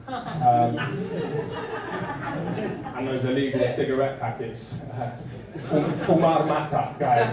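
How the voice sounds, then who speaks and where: A young English man doing a stand-up set in a club, with a dry, self-deprecating, halting delivery full of fillers. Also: medium pitch, mellow. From England. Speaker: stand-up comedian. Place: comedy club bar with a live audience. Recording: roomy club sound from a distant mic. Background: audience laughter.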